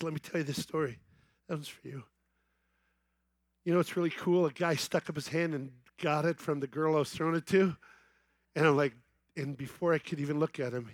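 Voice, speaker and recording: A middle-aged man giving an evangelistic sermon on a festival main stage, telling a story that builds to excited shouting. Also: fairly high pitch, no echo. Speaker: festival speaker.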